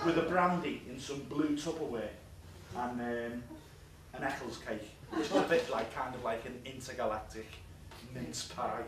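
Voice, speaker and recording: A male stand-up comedian, telling a crude, rambling comic story with chatty asides to a live audience. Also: medium pitch. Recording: echoey live room, distant mic.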